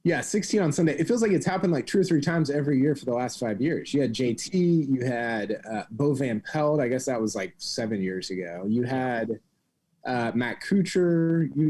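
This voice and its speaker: A man's voice: mid-range voice, darkish tone. A man co-hosting a golf podcast, talking in a rambling, hesitant way with many fillers. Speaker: podcast co-host. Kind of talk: casual podcast chat.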